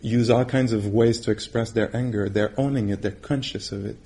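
A man's voice: fairly low pitch, steady tone, brisk, warm tone. A middle-aged man giving a meditation talk in a casual, conversational way, laughing often and acting out quoted voices. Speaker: meditation teacher. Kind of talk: dharma talk.

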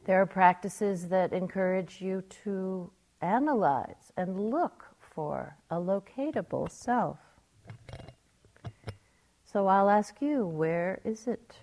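An older woman, a meditation teacher, giving a gentle, reflective dharma talk. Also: fairly low pitch, slow.

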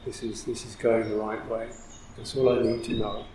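A man who is a Buddhist monk teacher, giving a reflective dharma talk with frequent soft laughter. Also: on the low side, little pitch movement, moderate pace, echoey room, slight background noise, poor audio.

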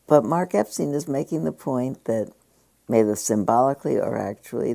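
A woman giving a relaxed dharma talk in a very low, gravelly voice. She speaks conversationally, often pausing with fillers as she paraphrases from a book. Her tone is dark and mellow. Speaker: meditation teacher.

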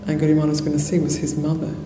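A Buddhist nun giving a dharma talk in a monastery hall, telling a story conversationally with soft laughs and many fillers. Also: female voice, low-pitched, completely flat delivery, rapid-fire. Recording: roomy hall echo, faint noise.

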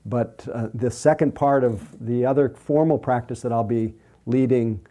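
Male meditation teacher, deep-mellow timbre, soft and unhurried delivery. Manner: gentle, unhurried, soothing. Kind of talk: mindfulness talk with questions.

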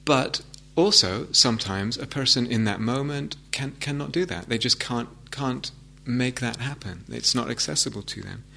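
Gentle gravelly-voiced male meditation teacher. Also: medium pitch, normal speed, few pauses, slight background noise. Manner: gentle, hesitant restarts, reflective. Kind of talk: dharma talk. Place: meditation hall with audience.

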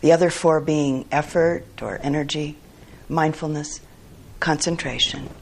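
A woman meditation teacher giving a dharma talk, speaking in a measured, reflective way with pauses. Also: sits low, steady tone, a little mellow, slight background noise.

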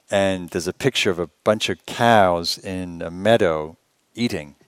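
A man teaching meditation at a retreat, talking conversationally and asking rhetorical questions with gentle humor. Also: low-pitched, no room sound. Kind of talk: retreat dharma talk.

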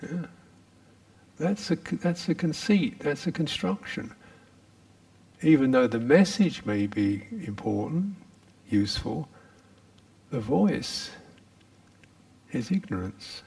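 Male meditation teacher, gravelly low voice, slow and halting, pauses between phrases. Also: lively intonation. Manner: drops to a soft whisper on repeated phrases. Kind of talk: meditation retreat dharma talk.

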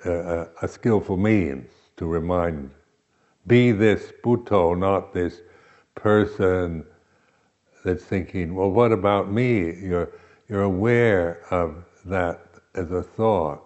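A man giving a reflective dharma talk as a meditation teacher, pausing often and restarting his phrases. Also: deep voice, a little mellow, highs cut off. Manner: slow, reflective, with many pauses and restarts.

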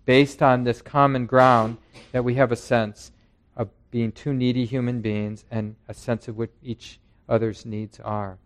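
A man's voice: medium pitch, darkish tone. A man, a meditation teacher, giving a conversational, reflective dharma talk to a group in a meditation center. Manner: conversational and reflective, with acted quotes. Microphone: handheld mic passed around.

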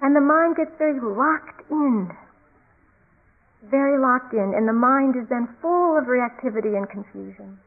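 A woman meditation teacher giving a calm, reflective dharma talk, often repeating key phrases. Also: high-pitched, measured pace. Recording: tinny phone-like recording.

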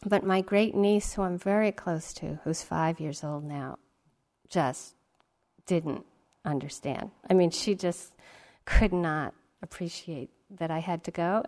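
A woman's voice: on the low side, darkish tone. A middle-aged woman from Massachusetts, a meditation teacher giving a talk, telling a story in a chatty, self-mocking way with many asides.

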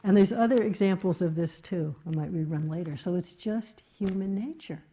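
Woman meditation teacher, reflective dharma talk, lowish voice, slightly dull recording. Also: normal speed. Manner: gentle, reflective, with many soft fillers.

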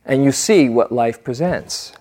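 A man's voice: mid-range voice, a little slow, a little mellow, lightly acted. A man doing a serene old Korean Zen master. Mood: calm. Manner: terse, repeating short answers. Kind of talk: dharma talk.

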